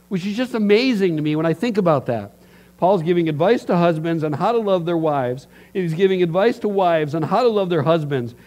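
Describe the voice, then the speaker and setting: Animated middle-aged preacher, slightly high. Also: male voice. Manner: animated storyteller acting out voices. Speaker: pastor. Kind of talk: sermon.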